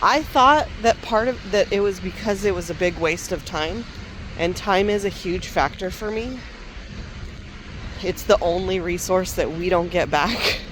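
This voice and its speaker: Slow, low-voiced woman telling a personal story. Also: a little hiss or hum. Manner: reflective and unhurried, with soft laughs and restarts. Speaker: parenting coach. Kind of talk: candid personal storytelling to camera.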